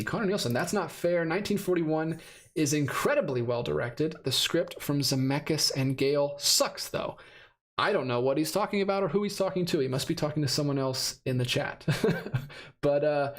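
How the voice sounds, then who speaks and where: Man in his thirties, fairly high voice, live-stream host, rambling chat, slightly worn voice. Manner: rambling, self-correcting, laughs often. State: losing his voice. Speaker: host of a live stream about movie releases. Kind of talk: casual live-stream chat, reading comments.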